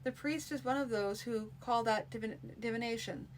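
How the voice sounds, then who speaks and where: A woman's voice: on the high side, moderate pace, a little hiss or hum, lightly acted. Woman reading as a wary male healer.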